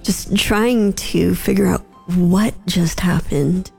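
Woman w a very creaky husky voice, emotional, fighting tears while telling a story, faint music. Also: fairly low pitch, fairly even intonation, a little mellow. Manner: emotional, holding back tears, quick bursts. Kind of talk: conversational storytelling.

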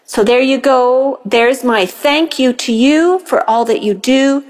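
Woman, slightly high voice, slow, playful, joking voicemail. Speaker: caller. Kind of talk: casual voicemail telling a joke.

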